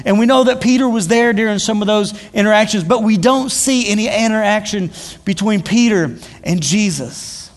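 A male preacher gives a casual storytelling sermon, with a fairly high voice for a man. He talks in loose spoken style, with fillers and repeated words, and long reverb hangs on his voice from a large hall. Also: normal speed.

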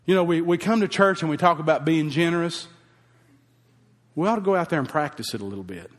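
Preacher guy telling a story from the pulpit, kinda high voice, heartfelt, reverby church hall. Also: animated, fast. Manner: folksy, heartfelt storytelling, emotional at times. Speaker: pastor. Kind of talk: sermon with personal story.

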